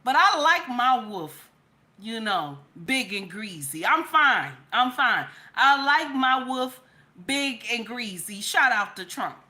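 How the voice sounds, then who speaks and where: A woman's voice: a little high, big pitch swings, takes it slowly, pushed and bright. A young woman hosting a casual live-stream talk show, sassy and chatty, calling her viewers baby and honey. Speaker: podcast host.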